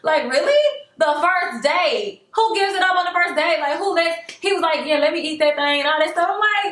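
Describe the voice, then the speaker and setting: A young woman telling a casual storytime, animated and sassy, laughing often and jumping into high voices for quotes. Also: a little fast, few pauses, echoey room. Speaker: storyteller vlogger.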